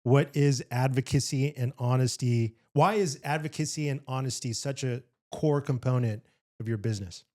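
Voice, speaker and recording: A man's voice: medium pitch, normal speed, a little mellow. A man hosting a podcast interview, asking questions in a laid-back, friendly way. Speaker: podcast host. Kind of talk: casual interview chat.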